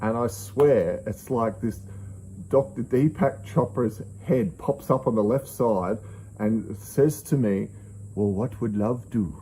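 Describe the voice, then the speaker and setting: A man tells a personal story casually, acting out his own thoughts in hushed asides. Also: mid-range voice, slow, a little hiss or hum, poor audio. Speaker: channel host.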